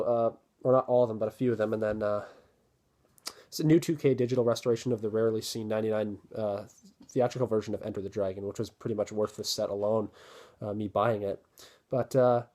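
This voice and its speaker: A man casually talking through an unboxing, relaxed and rambling with many fillers. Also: mid-range voice. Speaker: video host reviewing a disc set.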